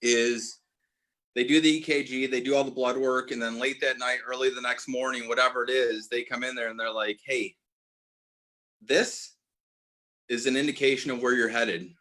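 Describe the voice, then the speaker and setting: A man's voice: mid-range voice, level tone, normal speed, bright, forceful tone. A man in his forties telling a personal story as a podcast guest, earnest, often restarting and correcting himself. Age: 40s. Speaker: guest, apparel brand owner.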